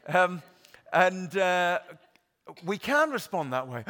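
A man's voice: high voice, animated, a little slow, pushed and bright. A middle-aged male pastor from Wales giving an earnest, conversational sermon, with frequent ums and uhs.

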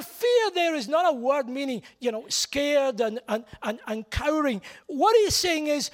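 A middle-aged man preaching a sermon, blunt and emphatic, hammering points home by repeating key words. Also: very high-pitched.

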